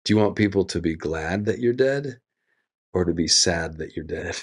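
Deep-voiced man, earnest and reflective. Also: normal speed, husky. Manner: earnest, thoughtful, with lively quoted asides. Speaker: guest. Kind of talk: reflective interview conversation.

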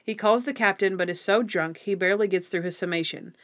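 Relaxed woman recapping episodes. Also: medium pitch, fairly quick. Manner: relaxed, quotes lines in a playful voice. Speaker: podcast co-host. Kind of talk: casual chat and episode recap.

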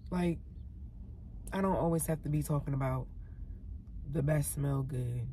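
Woman vlogging from her car, emotional and earnest, a little low-pitched, faint hiss behind. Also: unhurried. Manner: heartfelt, swings from loud exclaiming to soft near-whispers. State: tearful. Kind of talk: emotional faith vlog, talking to camera. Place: parked car.

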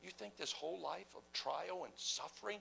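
A man preaching a passionate sermon, asking rhetorical questions and swinging between loud exclamations and hushed whispers. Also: high voice, normal speed, gravelly, a little hiss or hum, low-quality recording. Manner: asks the audience rhetorical questions.

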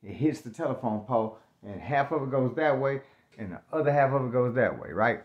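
A man with an ordinary middle-pitched voice tells his story in loose, slangy talk. He gets animated and acts out moments with sudden loud outbursts. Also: a little fast, muffled recording. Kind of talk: casual spoken storytelling.

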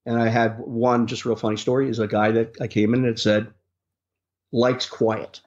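A man's voice: medium pitch, flat delivery, fast talker, darkish tone. A man working as a rideshare driver, telling stories in an interview in a rambling way, with many restarts and fillers. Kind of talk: casual storytelling in an interview. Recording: dull lo-fi sound.

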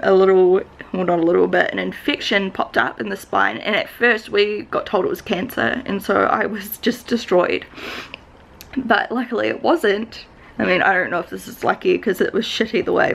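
A woman's voice: medium pitch, creaky, fairly bright tone. A young New Zealand woman with a New Zealand accent, rambling to the camera in a confessional vlog, upset and holding back tears, with many likes and restarts. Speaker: vlogger.

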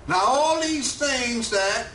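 Slow, high-voiced preacher in an echoey room. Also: male voice, animated, fairly bright tone, a little hiss or hum. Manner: slow, emphatic preaching with rising and falling cadence. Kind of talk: sermon. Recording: echoey room, mic at a distance, faint ambience.

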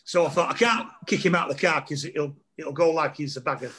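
A man's voice: fairly high pitch, fairly quick, a bit bright, husky. A middle-aged man, a comedian guest telling rambling anecdotes over a video call and laughing often. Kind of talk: casual storytelling chat over a video call.

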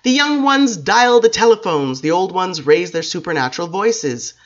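A woman reading a novel aloud in a measured, expressive first-person narration. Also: fairly low pitch, muffled recording. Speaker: audiobook reader.

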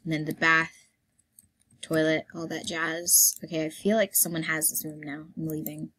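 A hoarse woman with a husky, slightly low voice chats playfully through a game, rambling along with fillers. She keeps clearing her throat as she goes. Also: little pitch movement, normal speed, sharp tone. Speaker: gameplay vlogger. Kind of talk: casual gameplay commentary.

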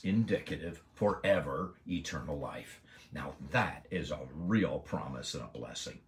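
A man's voice: sits low, darkish tone. A man giving an earnest devotional Bible lesson, stressing key words with emphasis. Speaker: Bible teacher.

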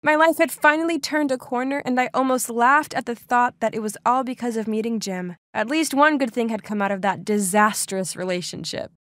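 A young woman telling a first-person story for an animated video, with expressive, dramatic delivery. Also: a little high, brisk, hardly any pauses, no room sound, studio quality. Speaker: narrator.

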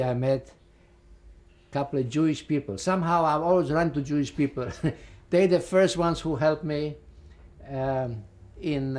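An older man with a Polish accent, a Holocaust survivor recalling his life in a halting, rambling way full of fillers. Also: mid-range voice, a little mellow. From Poland. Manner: rambling, halting, with frequent fillers and repeated words. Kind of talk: oral history testimony.

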